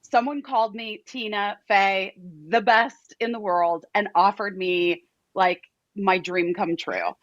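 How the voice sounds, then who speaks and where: A woman actress guest in a TV interview, excitable and emotional, close to tears. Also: medium pitch, slow pace, no room sound, dull audio.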